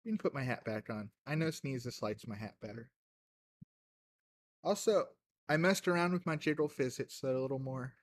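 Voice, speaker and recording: A man livestreaming a game from home, talking in a loose, wandering way. He fills gaps with "uh" and "like" and laughs easily. His voice sits at an ordinary middle pitch. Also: animated, moderate pace, dry recording. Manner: rambling and chatty, laughs often, many fillers. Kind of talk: casual game-stream chat.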